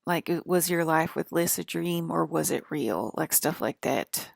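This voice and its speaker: A woman's voice: sits low, a little slow, vocal fry, no echo, full character voice. A woman speaking in a put-on Southern accent as her persona, rambling with many fillers in a casual monologue. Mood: musing.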